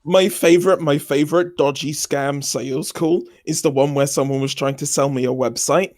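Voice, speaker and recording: A man's voice: fairly high pitch, steady tone, moderate pace, a little mellow, dry recording. A man co-hosting a casual chat, telling a story in a dry, matter-of-fact way. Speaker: co-host.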